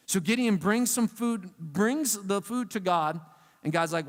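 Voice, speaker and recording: A youth pastor preaches in a casual, slangy, animated way. His voice sits high for a man and carries long hall reverb. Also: a little slow. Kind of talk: sermon.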